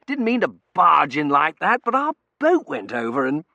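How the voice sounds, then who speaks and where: A man's voice: on the high side, huge pitch swings, normal speed, creaky, pushed and bright, no echo, lo-fi sound, pitched above the performer's own voice, heavily acted. A man doing a stammering young undergraduate. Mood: flustered. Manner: polite, stammering. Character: flustered young male undergraduate.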